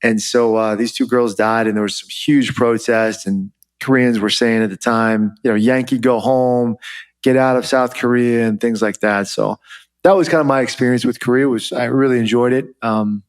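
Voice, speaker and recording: A man's voice: mid-range voice, normal speed. A man in his forties, a former Army officer, telling stories as a podcast guest in a loose, chatty way full of "you know" and "like". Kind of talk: casual interview storytelling.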